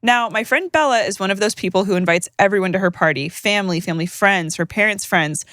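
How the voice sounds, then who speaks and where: A woman co-hosting a podcast, reading listener stories aloud with joking, animated banter. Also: mid-range voice, fast talker, no echo, clean studio sound. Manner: animated, joking, laughs mid-sentence. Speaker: podcast co-host.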